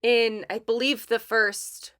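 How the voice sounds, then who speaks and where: A woman's voice: fairly high pitch, takes it slowly, clear, resonant tone. A woman guest on a podcast, chatting casually and acting out quotes as she tells stories. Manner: animated storytelling, acts out quotes. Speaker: podcast guest, letterpress studio owner. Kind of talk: casual chat.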